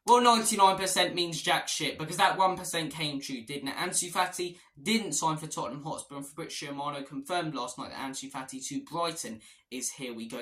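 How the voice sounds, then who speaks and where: A man's voice: a little high, pushed and bright. A man, a football fan vlogger giving transfer news in an exasperated, repetitive rant. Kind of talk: ranting transfer-news vlog. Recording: roomy echo.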